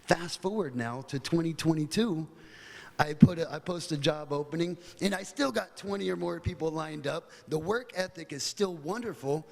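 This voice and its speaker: An American man speaks at a conference, his voice sitting a little high for a man. He talks loosely and conversationally, full of fillers and asides. A long hall reverb trails every phrase. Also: normal speed, vocal fry. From United States. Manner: casual, chatty storytelling with fillers. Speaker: guest speaker. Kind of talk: conference talk.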